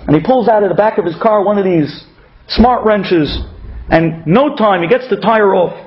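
A man with a high voice gives a storytelling Torah talk as a sermon at normal speed, animatedly acting out the dialogue of the people in his stories. It's a dull, lo-fi radio recording.

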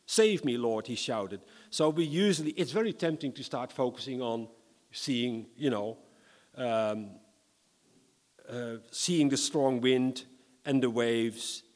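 Lively preacher in a hall. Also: male voice, medium pitch, takes it slowly. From Netherlands. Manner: lively, humorous, dramatic scripture reading. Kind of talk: sermon.

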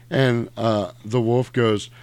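A man's voice: medium pitch, flat delivery, drawn-out words, a little mellow, clear, resonant tone, dry recording. A man casually retelling a story at length, rambling and profane, with lots of fillers.

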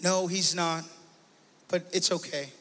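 Bright-voiced pastor preaching. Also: male voice, high-pitched, fairly even intonation, measured pace, in a large hall. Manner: personal testimony, growing emotional and loud. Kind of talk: sermon. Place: church sanctuary.

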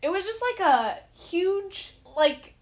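A woman's voice: very high-pitched, lively intonation, slow pace. A young woman talking on a video call from home, earnest and emotional, often laughing at herself. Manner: emotional, earnest, self-deprecating. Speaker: guest, writer and director. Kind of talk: casual video-call chat.

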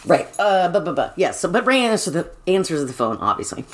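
A woman co-hosting a podcast, her pitch bouncing widely as she recaps a story. She slips into quick, high character voices and swears casually. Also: sing-song. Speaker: podcast co-host. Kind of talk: casual chat recapping a book.

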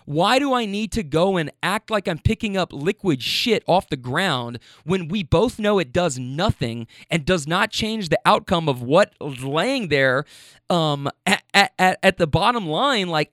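High-voiced, profane ranting man. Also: dry recording, clean studio sound. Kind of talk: casual storytime rant.

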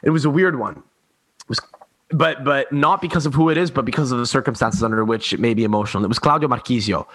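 Fast-talking man, halting and searching for words. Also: medium pitch, fairly bright tone, slight background noise. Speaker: podcast guest. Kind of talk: casual podcast chat.

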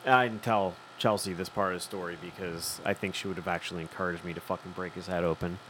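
A man's voice: deep voice, fairly even intonation, fast, background noise. A man, co-hosting a casual chat and acting out both sides of a profane story. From Philadelphia. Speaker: podcast co-host.

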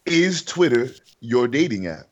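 A man co-hosting a podcast in casual banter, putting dry, deadpan questions to the others. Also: mid-range voice, measured pace, lo-fi sound.

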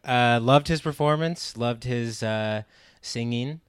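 A man's voice: mid-range voice, slow pace, clean tone, no room sound, studio quality. A man in a casual film chat, speaking in a laid-back, hesitant way with many fillers.

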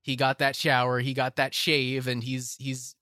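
A man's voice: medium pitch, monotone, unhurried, pushed and bright, dry recording, studio quality. A young man hosting a casual film podcast, talking with enthusiasm and often restarting his phrases. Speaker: podcast host.

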